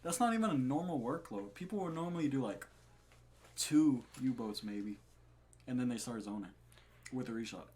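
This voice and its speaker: A man's voice: mid-range voice, normal speed, pauses often. A young man co-hosting a podcast, telling a story about his retail job in a casual, profane, laughing way. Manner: profane, laughing, animated retelling. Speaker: podcast co-host. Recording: faint background noise.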